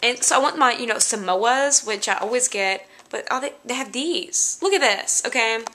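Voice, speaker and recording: Chatty young woman with a gravelly voice. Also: fairly high pitch, normal speed, noisy background. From Louisiana, United States. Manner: chatty, exasperated, rambling. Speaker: vlogger. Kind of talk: casual chat.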